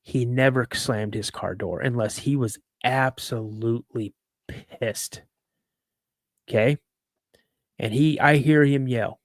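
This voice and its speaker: A middle-aged man recounts a story in an animated way and jumps into raised voices when he quotes the people in it. His voice sits in a middle register. The sound is dry and close, with no room echo. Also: medium pitch, a little slow. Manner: acts out dialogue with raised voice. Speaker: podcast guest storyteller.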